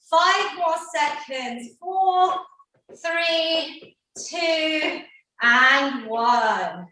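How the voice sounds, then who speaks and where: A woman's voice: extremely high pitch, sharp tone, slight background noise. A woman fitness instructor leading an online workout class, upbeat and encouraging, counting down the reps. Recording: very echoey room, mic far off.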